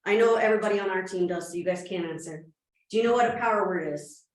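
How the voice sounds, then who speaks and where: A woman in her thirties giving a lively real estate training talk to a room, asking questions as she goes. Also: medium pitch. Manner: fast-talking, energetic, asks the room questions. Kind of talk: live training presentation. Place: meeting room with audience. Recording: very echoey room, from a distance.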